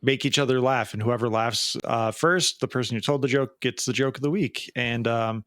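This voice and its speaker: A man's voice: mid-range voice, fairly even intonation, normal speed, a bit bright, no echo, studio quality. A man co-hosting a podcast in casual chat, rambling and jokey, often laughing. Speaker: podcast co-host.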